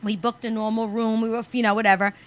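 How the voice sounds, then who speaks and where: Brash high-voiced woman telling stories. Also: fast. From New York. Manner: brash, profane, animated storyteller. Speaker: podcast co-host. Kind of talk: casual storytelling chat.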